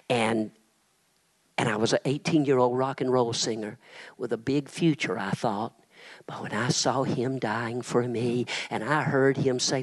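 An older man preaching a dramatic revival sermon, dropping to hushed whispers and then rising to loud shouting. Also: medium pitch.

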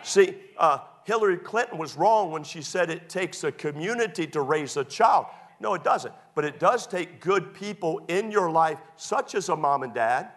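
A middle-aged male pastor preaching a sermon, animated and emphatic at times, folksy and humorous when he tells stories. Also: a little high, moderate pace, few pauses.

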